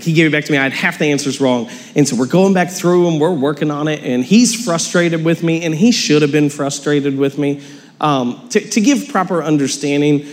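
A young man preaching a sermon, telling a story with self-mocking humor. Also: on the high side. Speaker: pastor. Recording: hall reverb.

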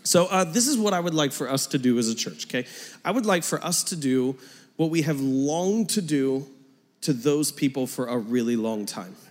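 A man in his thirties preaching a sermon as pastor, conversational and joking, dropping into quiet asides between louder points. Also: a little high, lively intonation, normal speed. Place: church auditorium. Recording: long hall reverb.

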